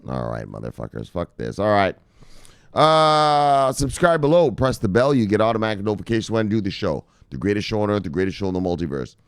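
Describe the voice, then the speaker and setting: Man, crypto news host, low voice, lively swings, profane, casual live-stream talk. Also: smooth, no echo, studio quality. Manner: animated, swears freely, exclaims "look, look".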